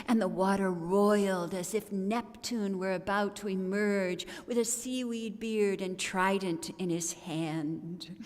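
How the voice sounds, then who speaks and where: A woman's voice: medium pitch, slow pace, hardly any pauses. A woman storyteller giving a comic, theatrical telling at a service in a large worship hall. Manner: theatrical, comic, expressive delivery. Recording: long reverb of a large hall.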